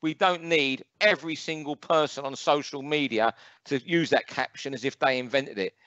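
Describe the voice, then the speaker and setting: A man's voice: mid-range voice, pushed and bright, dry recording, highs cut off. London man ranting about boxing. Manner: opinionated, ranting, rapid fact-listing. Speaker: boxing pundit co-host. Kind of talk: casual podcast chat.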